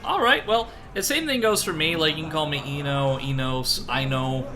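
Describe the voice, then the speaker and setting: A young man streaming a video game, chatty and animated, who likes cheesy radio ad voices. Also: a little high, normal speed, a crowd in the background. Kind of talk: let's play commentary. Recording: streamed with game music behind.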